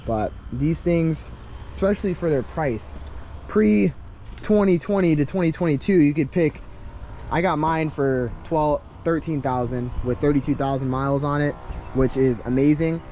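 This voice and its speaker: A man giving a casual walkaround of his car outdoors, talking in a halting way with many ums and restarts. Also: fairly high pitch, mellow, slight background noise. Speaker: car vlogger.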